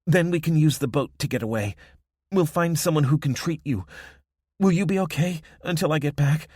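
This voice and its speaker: A man putting on a desperate young woman in an audiobook, urgent and breathless. She pleads in a higher, louder voice than the narration. The recording is dry and close. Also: moderate pace, breathy edge, no echo.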